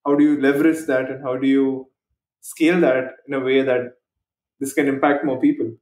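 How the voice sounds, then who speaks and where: A man hosting a podcast interview. He talks in a calm, reflective way, agrees readily and sums up his guest's points for listeners. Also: medium pitch, normal speed. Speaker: podcast host. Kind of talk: casual interview conversation. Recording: echoey room with faint music.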